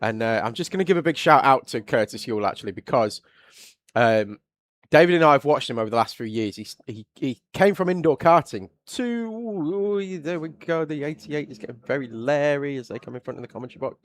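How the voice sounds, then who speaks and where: An English man commentates live on a kart race, chatty and easygoing between incidents. He breaks into loud reactions when something happens on track. His voice sits at a middle pitch and sounds dry and close to the mic. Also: expressive, a little fast, no echo.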